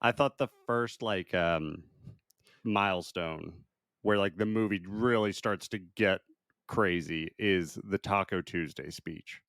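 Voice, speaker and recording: A man's voice: low-pitched, slow pace, a bit bright, no room sound, clean studio sound. Laid-back man co-hosting a film chat. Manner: laid-back, laughs often, restarts. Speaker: podcast co-host. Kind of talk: casual film review chat.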